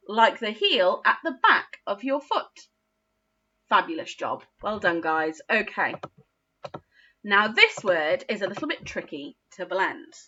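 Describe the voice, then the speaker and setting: A woman teaching a phonics lesson to young children, speaking slowly with exaggerated, encouraging praise. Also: mid-range voice, sharp tone, lo-fi sound. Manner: slow, encouraging, sing-song teacher talk with exaggerated praise. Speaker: early years teacher.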